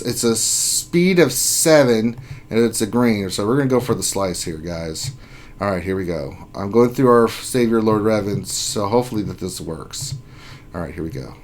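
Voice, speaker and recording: A man's voice: fairly low pitch, normal speed. A man hosting a casual gaming livestream, reading viewers' names aloud in an upbeat, jokey way. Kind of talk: casual live-stream chat.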